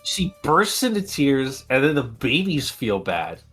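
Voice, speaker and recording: A man co-hosts a podcast in casual chat, laughing a lot, swearing freely and rambling with fillers. His husky, fairly bright voice is medium-pitched and sing-song at a measured pace, with soft music in the background.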